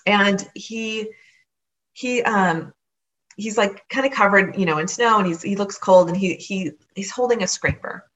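A woman telling a personal story in an animated way, acting out what others said. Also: mid-range voice, unhurried. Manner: animated, acts out others' words.

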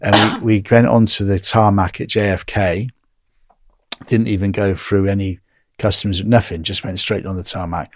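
A man's voice: lowish voice, normal speed, dry recording. An English man telling a story in casual conversation, acting out the dialogue as he goes. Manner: animated, acts out quoted dialogue.

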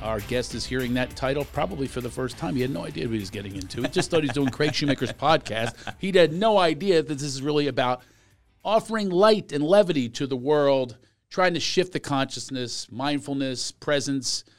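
This is an older man hosting a comedy podcast, with a chatty, joking delivery and frequent laughter. His voice sits at a middle pitch. The recording is dry and close. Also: lively intonation, brisk, no room sound, soft background music. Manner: chatty, jokey, laughs often. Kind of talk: casual chat.

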